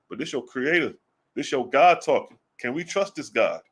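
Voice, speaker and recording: Guy doing casual religious commentary, blunt and cussing, lots of rhetorical questions, reads scripture slow. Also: medium pitch, animated, slightly rough. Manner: reads scripture slowly and deliberately.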